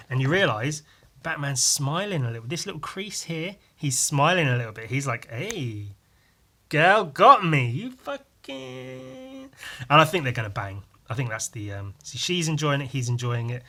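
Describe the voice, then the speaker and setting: A man hosting a podcast, chatting casually about a comic and swearing freely as he retells it with lively exclamations. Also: a little high. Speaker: podcast host. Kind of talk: casual comic review chat.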